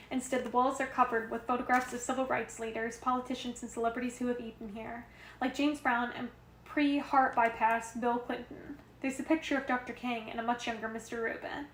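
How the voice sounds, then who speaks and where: A woman reading a novel aloud in the first person at home, steady with small self-corrections. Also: a little high, brisk. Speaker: reader. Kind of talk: amateur audiobook reading of a novel. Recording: roomy echo with faint noise.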